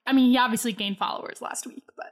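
Woman podcast host, chatty, higher-pitched, casual. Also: steady tone. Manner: chatty, quick, lots of "like". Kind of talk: casual chat.

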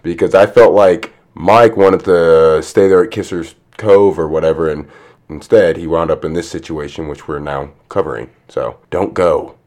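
A man's voice: low voice, moderate pace, a little mellow. A man co-hosting a podcast, joking and talking straight to listeners. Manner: jokey, addresses listeners. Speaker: podcast co-host. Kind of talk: casual movie chat.

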